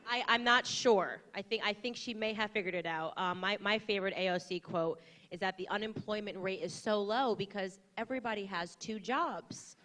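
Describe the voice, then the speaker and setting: A young woman speaking on a stage panel, animated and jokey, with mocking asides. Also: medium pitch, moderate pace. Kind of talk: lively stage talk with a crowd.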